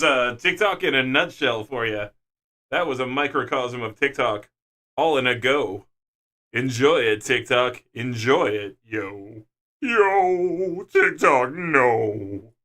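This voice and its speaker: A man's voice: medium pitch, unhurried, pushed and bright. A young man streaming games, chatting casually and laughing between jokey remarks. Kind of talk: casual live-stream chat.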